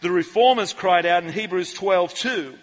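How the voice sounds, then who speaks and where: A man preaching a lively church sermon, animated and jokey, calling out to the congregation. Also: high-pitched, moderate pace. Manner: animated, jokey, shouts out to the crowd. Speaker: pastor. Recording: live sermon in a reverberant church hall.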